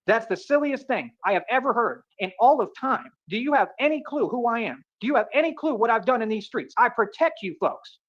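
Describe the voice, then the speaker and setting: A man from delivers a rapid, swaggering rant. He keeps circling back to the same boasts and pet phrases. The audio is muffled and lo-fi. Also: extremely high pitch, lively intonation, fairly bright tone. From Atlanta, United States. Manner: boastful, repetitive, keeps saying "real talk".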